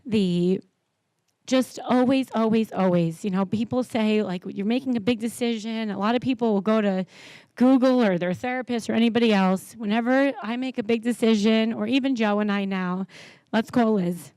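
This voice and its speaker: A woman's voice: fairly high pitch, normal speed, a little mellow, dry recording. A woman in her thirties giving a heartfelt, rambling wedding toast.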